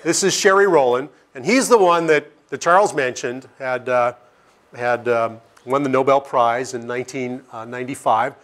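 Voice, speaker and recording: A middle-aged scientist from Seattle gives an informal lecture to a live audience, telling anecdotes, joking at his own expense and often checking in with "okay?". His medium-pitched voice is a bit bright, at a moderate pace.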